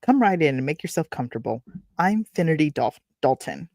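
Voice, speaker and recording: A woman's voice: low-pitched, big pitch swings, a little fast, darkish tone, no echo, studio quality. A woman voicing a slender, friendly farmer who welcomes a visitor, in a hospitable tone. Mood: welcoming.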